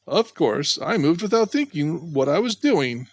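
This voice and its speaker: A man voicing a very old, wise male frog who speaks gruffly and slowly in a children's story. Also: fairly high pitch, sing-song. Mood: muttering. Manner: gruff, slow and drawn out.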